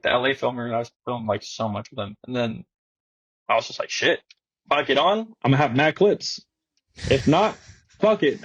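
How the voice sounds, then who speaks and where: Slangy young man, husky voice. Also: mid-range voice, dry recording, dull audio. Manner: slangy, animated, swears a lot, acts out quotes. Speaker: guest skateboarder. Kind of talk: casual storytelling.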